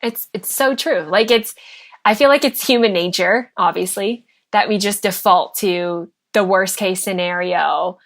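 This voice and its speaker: Woman, podcast host, chatty, reflective, frequent fillers, mid pitch. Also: a little slow. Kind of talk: podcast interview.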